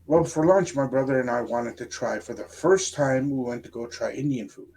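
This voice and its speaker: Relaxed middle-aged storyteller man. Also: medium pitch, moderate pace, gravelly, a little hiss or hum. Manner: relaxed storyteller, slips into Spanish phrases. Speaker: podcast co-host. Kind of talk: casual storytelling chat.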